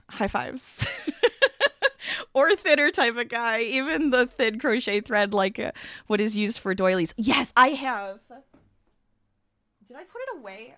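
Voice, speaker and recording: A woman's voice: on the high side, expressive, normal speed, fairly bright tone, no echo, clean studio sound. Chatty woman crafting streamer, slightly scratchy. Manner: chatty, reads chat aloud, laughs often. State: slightly scratchy voice, recovering from illness. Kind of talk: casual crafting livestream chat.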